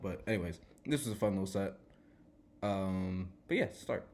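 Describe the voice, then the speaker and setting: A man's voice: deep voice, animated, normal speed, heavy background noise. A young man from Georgia, casually and self-critically talking over his own comedy set. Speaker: podcast host. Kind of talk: casual commentary.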